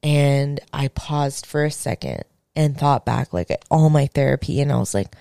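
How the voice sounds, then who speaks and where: A young woman hosting a podcast, telling a story in casual chat, animated and swearing, acting out what people said. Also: extremely low pitch, normal speed, creaky, no room sound, clean studio sound. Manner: animated, swearing, acts out quotes. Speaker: podcast host.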